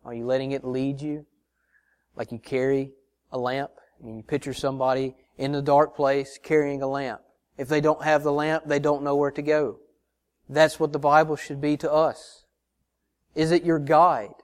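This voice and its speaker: A man's voice: a little high, level tone, normal speed, clear, resonant tone. A man preaching a sermon as pastor, earnestly pressing the congregation with rhetorical questions and calling them brothers and sisters. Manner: addresses listeners as brothers and sisters.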